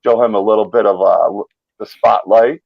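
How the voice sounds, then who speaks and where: A man's voice: fairly low pitch, steady tone, normal speed, creaky, no room sound, dull audio. A man hosting a live chat show, talking casually, repeating and stumbling over words. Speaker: host.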